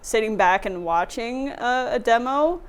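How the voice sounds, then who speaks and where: A woman's voice: fairly high pitch, animated, unhurried, smooth. A woman co-hosting a local newspaper talk show, upbeat and chatty, with many filler words. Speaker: newspaper co-host. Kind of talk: casual chat.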